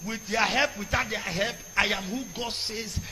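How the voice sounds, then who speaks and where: A Nigerian priest preaching a fiery sermon, shouting in bursts and slipping into Pidgin. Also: male voice, sits high, steady tone, moderate pace, heavy background noise. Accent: Nigerian, mixing in Pidgin. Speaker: Catholic priest. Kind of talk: impassioned sermon.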